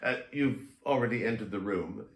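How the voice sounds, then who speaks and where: A man's voice: fairly low pitch, normal speed, vocal fry, reverberant, recorded from a distance, pitched below the performer's own voice. A man putting on a hesitant doctor. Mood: flustered. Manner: hesitant, polite, full of ums and uhs, dryly condescending. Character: polite, flustered British male doctor.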